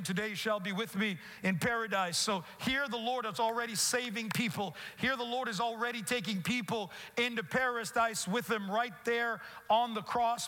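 A man's voice: very high-pitched, bright, forceful tone. A man pastor preaching a sermon earnestly, often repeating and restarting his phrases. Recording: echoey hall with long reverb.

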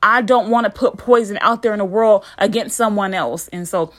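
A woman's voice: mid-range voice, normal speed. A woman in her thirties hosting a podcast, giving an informal, earnest devotional talk with a repetitive, encouraging preaching rhythm.

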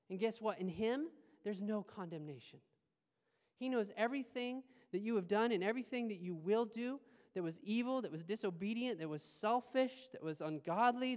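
A man preaching a sermon as a pastor, animated and conversational, with playful asides. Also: high voice, big-room sound.

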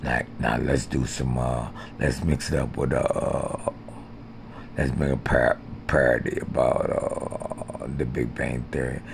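A man rambling profanely through improvised skits and jokes, now and then jumping into squeaky put-on voices. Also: little pitch movement, slow, vocal fry, noisy background. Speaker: amateur podcaster. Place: porch outdoors.

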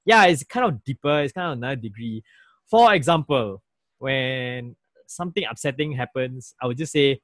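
A man's voice: medium pitch, moderate pace, no room sound. A man from Malaysia casually explaining slang, acting out phrases with frequent laughs. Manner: animated, acts out phrases, laughs often. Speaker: guest explaining language.

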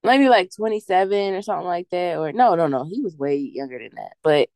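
A woman's voice: lowish voice, expressive, fairly quick, a little mellow, smooth, dry recording. Young woman rambling through a story. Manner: rambling storytelling with many likes. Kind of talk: casual podcast chat.

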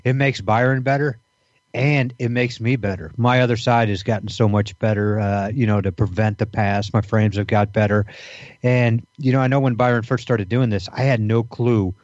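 A man's voice: medium pitch, fairly even intonation, moderate pace, a little mellow, no echo, lo-fi sound. A man co-hosting a podcast in casual banter, rambling with many fillers and restarts. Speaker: podcast co-host.

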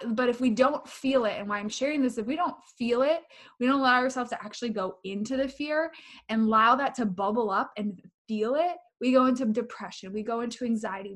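A woman with a somewhat high voice talks in a casual spiritual conversation. She speaks candidly and with emphasis, circling back on the same phrases to drive her point home.

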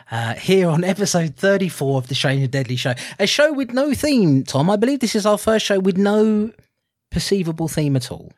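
A man's voice: a little high, no room sound, studio quality. A man co-hosting a film podcast in a jokey, teasing casual chat. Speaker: podcast co-host.

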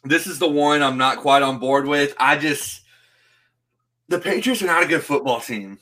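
A man's voice: fairly high pitch, normal speed, pushed and bright. A man co-hosting a sports betting podcast, talking casually and laughing easily.

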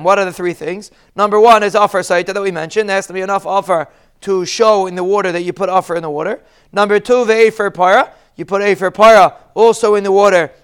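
A man's voice: high-pitched, fairly bright tone, clean tone. A man teaching a Talmud lesson, explaining each Hebrew phrase in plain English.

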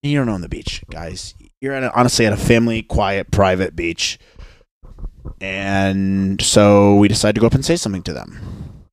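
A man's voice: lowish voice, normal speed, clean tone, no echo, clean studio sound. A young man, a podcast host, telling a story in a rambling, sarcastic casual chat. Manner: rambling, sarcastic, mocks others in put-on voices.

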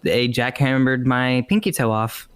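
Male player as a matter-of-fact burger joint worker; smooth, dry. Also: medium pitch, steady tone, unhurried, dry recording, natural voice. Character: kidnapped fast-food worker, matter-of-fact. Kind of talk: in-character game role-play interview.

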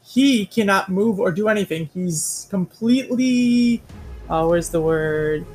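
A player in a casual tabletop game, animated and laughing. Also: mid-range voice, measured pace.

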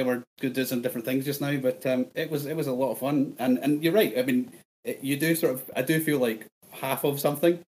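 A man with an East Scottish accent, a podcast guest chatting casually over a remote call, quick and self-deprecating. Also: medium pitch, a little mellow, low-quality recording. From Scotland.

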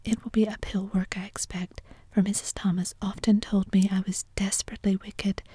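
An eager, emotional orphan girl pours out her pleas in a soft, breathy whisper, as a woman reads her in a whispered role-play. The hush is dark and close, with almost no room around it. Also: medium pitch, level tone, moderate pace, dry recording. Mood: tearfully glad. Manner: imploring, gushing.

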